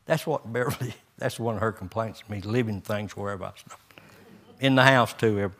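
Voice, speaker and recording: A man's voice: on the low side, fairly quick, fairly bright tone. An older man, a pastor preaching a folksy sermon with homespun stories, chuckles and rising emphasis.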